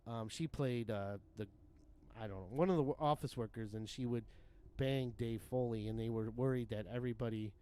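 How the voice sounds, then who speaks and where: A man's voice: medium pitch, fairly quick, dark tone, smooth. A man in his thirties or forties, rambling casually and profanely while streaming a game, with frequent laughs. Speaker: livestream gamer. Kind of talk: casual gaming commentary.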